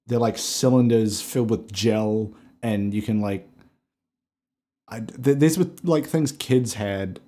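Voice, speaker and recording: A man's voice: lowish voice, slow pace, mellow. A man co-hosting a podcast in casual chat, joking dryly and agreeing a lot. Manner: dry joking, lots of agreeing yeahs. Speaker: podcast co-host.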